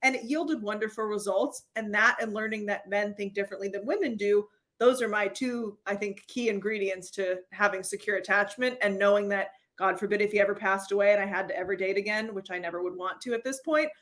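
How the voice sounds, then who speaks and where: A woman with a voice of ordinary, middle pitch speaks as a therapist guest on an interview. She tells stories in a lively way and often laughs. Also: brisk, few pauses. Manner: animated storyteller who acts out quoted dialogue and laughs often. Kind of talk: conversational interview.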